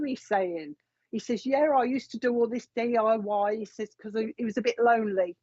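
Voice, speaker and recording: Woman, psychic medium, live reading, breathy, repeats quoted lines, hesitant pauses, muffled lo-fi sound. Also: medium pitch, a little mellow, no room sound. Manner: relays spirit messages, repeating quoted phrases with frequent pauses. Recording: dull lo-fi recording.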